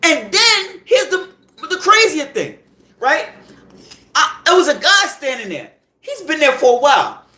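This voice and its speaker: A man hosting a podcast, telling a story in a heated, animated rant full of profanity and repeated check-ins with the listener. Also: extremely high pitch, measured pace. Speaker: podcast host. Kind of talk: casual storytelling monologue. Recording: roomy echo.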